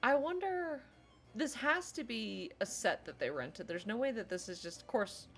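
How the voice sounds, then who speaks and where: A woman's voice: fairly high pitch, lively intonation, moderate pace, a bit bright, soft background music. Chatty woman reacting with giggles. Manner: chatty, giggly, thinking aloud. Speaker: reaction video host. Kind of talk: casual reaction commentary. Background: the video she watches playing.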